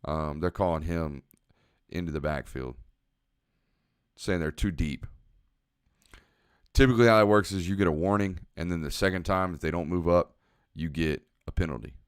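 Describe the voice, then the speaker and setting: A young man, giving relaxed, analytical commentary on a football game as he watches and answers chat on a live stream. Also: low voice, moderate pace, pauses often, clear, resonant tone, no echo, studio quality.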